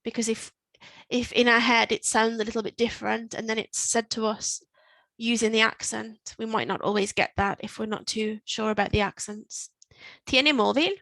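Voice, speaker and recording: Woman, Spanish teacher, patient and slow, fairly high voice, steady and flat in tone, dry close sound. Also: no echo. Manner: patient, explains step by step, repeats words slowly. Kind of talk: online language lesson. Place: in Spain.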